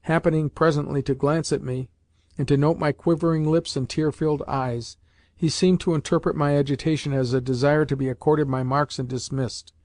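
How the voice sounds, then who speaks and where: A man's voice: a little high, fairly even intonation, normal speed, a little mellow, dry recording. Male narrator, dry, close storytelling. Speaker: audiobook narrator. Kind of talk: scripted narration.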